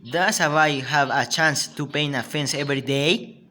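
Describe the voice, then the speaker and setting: A man's voice: on the high side, moderate pace, pushed and bright. A man with a Spanish accent, a native Spanish speaker, voicing a scheming clever young boy in a read-aloud storybook. He speaks emphatically and stumbles now and then. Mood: pleading.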